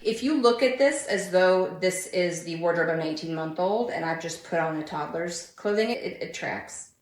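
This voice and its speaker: A woman's voice: fairly low pitch, moderate pace, reverberant. A woman giving casual comedic commentary with wry, self-mocking asides. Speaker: comedy content creator.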